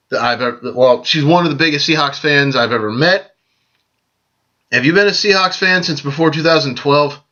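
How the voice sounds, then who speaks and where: A man hosting a casual vlog, giving friendly, joking birthday shout-outs to friends and often repeating himself as he goes. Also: a little high. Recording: dull lo-fi sound.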